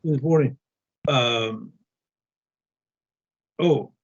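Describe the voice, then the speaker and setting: A man's voice: medium pitch, extremely slow. Hesitant man talking on muffled audio. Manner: hesitant, many ums and restarts. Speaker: guest. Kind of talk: casual conversation.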